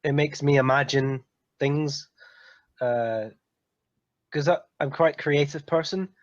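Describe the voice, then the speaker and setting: A man's voice: fairly high pitch, takes it slowly, dull audio. A man from England chatting casually, rambling and often laughing. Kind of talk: casual chat.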